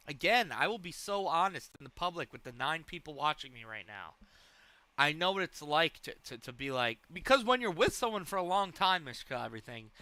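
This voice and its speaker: A man's voice: a little high, pushed and bright, clean tone, dry recording. A man hosting a live stream, reacting to a clip with rambling, profane commentary. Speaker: streamer host.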